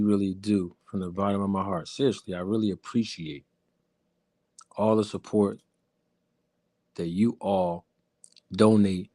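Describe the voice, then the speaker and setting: Suave slow-talking lover-man crooner, as a streamer puts him on, low and hushed. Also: no room sound, clean studio sound, close to an everyday voice. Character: smooth-talking male crooner charming the ladies. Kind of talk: live stream chat.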